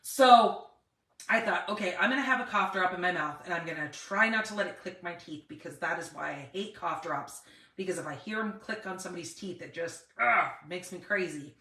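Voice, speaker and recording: A woman's voice: fairly low pitch, fairly quick, sharp tone, roomy sound, recorded from a distance, rough recording. A middle-aged woman chatting casually on a live stream, greeting viewers by name, with a dry cough and a cough drop in her mouth. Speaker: paper crafting host.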